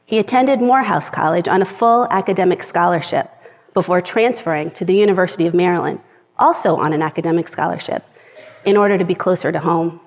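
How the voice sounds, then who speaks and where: A woman's voice: on the low side, fast. Earnest woman speaking in a reverberant hall. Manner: earnest, reads from a script, gets emotional at times. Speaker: speaker giving a talk. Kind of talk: personal talk to a live audience. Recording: long reverb of a large hall.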